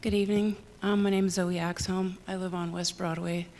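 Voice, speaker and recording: A nervous woman speaks at a council meeting, her voice gravelly and fry-laden. A faint hiss runs behind her. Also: fairly low pitch, flat delivery, a little fast, a little mellow. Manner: nervous and emotional. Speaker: public commenter, nurse and veteran. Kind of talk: public comment at a council meeting.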